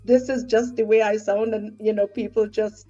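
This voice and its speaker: A woman in her forties with a Trinidadian accent, a stage actor chatting casually, often laughing and pausing mid-thought. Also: mid-range voice, flat delivery, muffled recording, soft background music. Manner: warm, laughs often, halting. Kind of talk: casual conversation.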